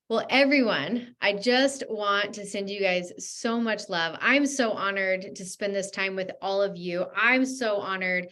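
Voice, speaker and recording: A woman's voice: medium pitch, unhurried, few pauses. A woman hosting a video call, gushing with thanks and then leading a guided breathing exercise. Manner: effusive, gushing, softly spoken. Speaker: host. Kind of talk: closing remarks and guided breathing.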